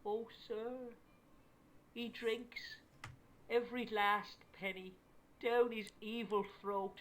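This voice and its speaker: A cheeky Irish runaway boy, acted by a woman spins tall tales in a slow, unhurried drawl. His voice sits fairly high as he dodges questions with defiant backtalk in a video game. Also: steady tone, a little hiss or hum. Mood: pleading tale. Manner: defiant, tall-tale spinning.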